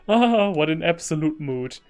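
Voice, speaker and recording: A man's voice: fairly high pitch, darkish tone. German man giggling through game commentary. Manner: laughs often, reads game dialogue aloud. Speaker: gaming streamer. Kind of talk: casual let's-play commentary.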